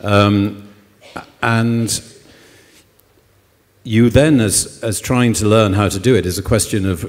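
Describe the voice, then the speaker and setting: An older man, a novelist, talking thoughtfully on stage at a literary festival, pausing often with ums. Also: lowish voice. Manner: thoughtful, hesitant with many ums. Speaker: novelist guest. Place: concert hall on stage. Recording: long hall reverb.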